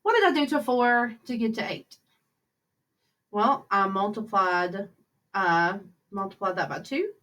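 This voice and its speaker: A woman's voice: on the high side, sing-song, a little slow, pauses often, a bit bright. A woman teacher talking students through fraction problems in a recorded lesson, chatty and upbeat, thinking aloud as she works each step. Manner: chatty, upbeat, talks to kids while working problems aloud. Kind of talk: recorded math lesson over slides.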